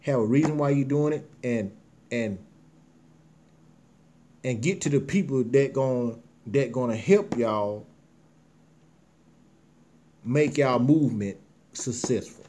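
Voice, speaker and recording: An impassioned man hosting his own show, speaking. He preaches and repeats himself, his voice heavy with emotion, in a mid-pitched tone. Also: takes it slowly, pauses often, warm tone. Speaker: host. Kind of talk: emotional commentary monologue.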